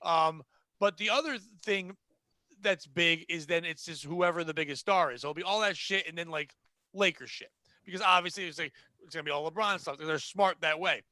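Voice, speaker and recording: A man's voice: fairly high pitch, a little fast, pushed and bright, no room sound. A man from Connecticut hosting a podcast, ranting about retail customers in a profane, exasperated way. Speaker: podcast host. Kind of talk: casual ranting chat.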